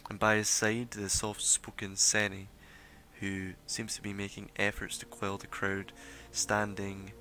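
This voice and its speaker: A man's voice: on the low side, monotone, a little slow, bright, forceful tone, slight background noise. A man narrating as game master of a tabletop game, rambling with many fillers.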